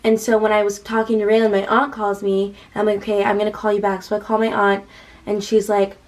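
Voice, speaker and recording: A woman's voice: medium pitch, monotone, quick pace, rough recording. A young woman in her late teens casually telling a personal story to her vlog audience, full of "like" and quoted back-and-forth dialogue. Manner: chatty, heavy use of "like", retelling with quoted dialogue. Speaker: vlogger.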